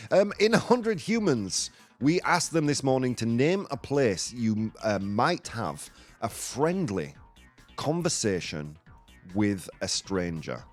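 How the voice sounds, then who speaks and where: A man's voice: mid-range voice, sing-song, slow pace, faint music behind. A man hosting a casual live morning show, joking playfully and dropping in Spanish phrases. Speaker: radio show host.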